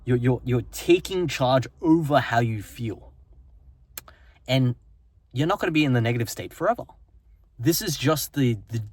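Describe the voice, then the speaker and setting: A man with a medium-pitched, somewhat breathy voice gives a motivational self-help talk. He's earnest and repetitive, repeating phrases and often tagging his points with "right?".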